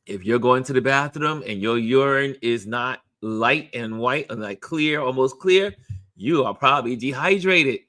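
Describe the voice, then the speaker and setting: A man's voice: medium pitch, unhurried. A man hosting a daily live stream, chatting casually and reading out viewer comments, repeating phrases in a chatty way. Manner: chatty, repeats phrases, lively sing-song delivery. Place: New York.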